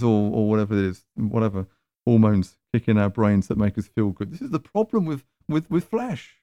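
A man's voice: mid-range voice, very animated, moderate pace, warm tone, no echo. A man preaching a sermon in a conversational, emphatic way, with rhetorical questions.

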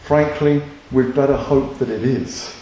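A man's voice: mid-range voice, measured pace, warm tone, very echoey, a little hiss or hum, low-quality recording. A man preaching a sermon, emphatic and full of rhetorical questions.

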